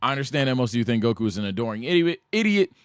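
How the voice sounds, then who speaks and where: A young man giving loose, animated commentary on an anime, full of slang and repeated words when he gets excited. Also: mid-range voice, rapid-fire, clear, resonant tone, no room sound, studio quality. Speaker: anime reaction streamer.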